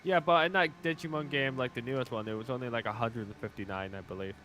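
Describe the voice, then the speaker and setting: A man chatting casually and joking while streaming a co-op game, swearing freely and cutting in with loud bursts. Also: mid-range voice, quick pace, a little hiss or hum. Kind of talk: casual gaming chat.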